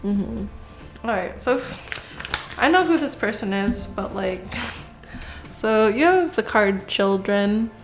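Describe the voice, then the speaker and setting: A woman's voice: medium pitch, animated, slow pace, pauses often. A woman giving a casual tarot reading to camera, rambling and chatty, with many fillers, and swearing when she gets worked up. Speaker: tarot reader.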